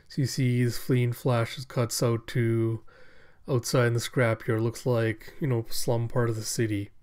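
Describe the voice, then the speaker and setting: A man's voice: medium pitch, level tone, measured pace, darkish tone. Chatty man narrating a comic. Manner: chatty, offhand. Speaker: comic reader. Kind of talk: casual comic readthrough narration.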